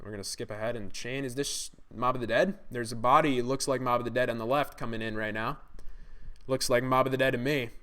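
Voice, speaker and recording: A young man commenting on a game trailer during a live stream, reacting with excitement and talking to his chat viewers. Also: medium pitch, fairly quick.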